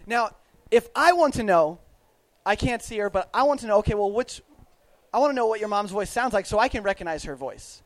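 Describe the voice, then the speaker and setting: A man's voice: high voice, expressive, brisk, no room sound, poor audio. A man, a youth minister, giving a casual, chatty faith talk, laughing often and putting questions to the audience.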